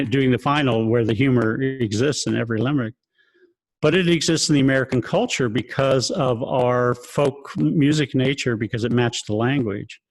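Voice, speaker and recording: A man's voice: mid-range voice, no room sound. Man lecturing a choir over video call. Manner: asks rhetorical questions, sings examples, chuckles often. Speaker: choir director. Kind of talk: lecturing in an online rehearsal.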